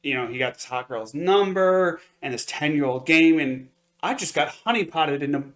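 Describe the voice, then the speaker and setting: A man's voice: fairly high pitch, animated, moderate pace, a bit bright. Guy going over an anime episode for a podcast, rambly, lots of likes and uhs. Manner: rambling recap with many fillers and restarts. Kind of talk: casual review chat.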